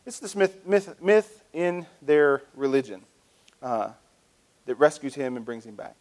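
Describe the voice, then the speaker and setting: A man's voice: fairly high pitch, lively intonation, measured pace, darkish tone. A male pastor preaching a sermon in a conversational, storytelling way with frequent restarts.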